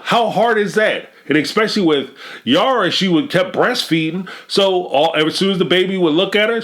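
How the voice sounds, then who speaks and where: Man, high voice, emphatic storyteller for reality-show commentary. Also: a bit bright. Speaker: commentary vlogger.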